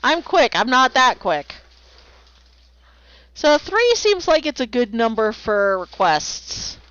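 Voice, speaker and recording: Lively playful woman streamer. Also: on the high side, takes it slowly. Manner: playful, rambling, makes silly sounds. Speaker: streamer drawing commissions. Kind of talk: casual stream chat. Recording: slightly dull lo-fi, dry.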